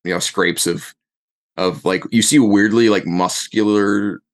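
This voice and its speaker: A man's voice: fairly low pitch, steady tone, unhurried. A man running a tabletop game as game master, narrating in a rambling way with many fillers.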